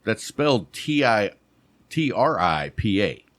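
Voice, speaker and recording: A man with a fairly low voice runs a playful quiz in a casual podcast chat, calling out "bam" when his co-host gets one right. The sound is dry and close, with no room echo. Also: sing-song, slow pace. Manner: playful quizmaster, shouts "bam" on right answers. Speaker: podcast co-host quizzing on cigar terms.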